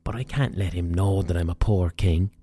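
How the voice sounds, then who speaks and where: A man puts on a proud, generous king with an Irish accent, blurting out oaths and exclamations. The voice sits low and mellow, with little brightness to it. He sounds like a storyteller's monarch, fond of his guests even though he cannot afford them. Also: moderate pace, breathy edge. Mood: anxious. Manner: blunt, swearing, exclaiming.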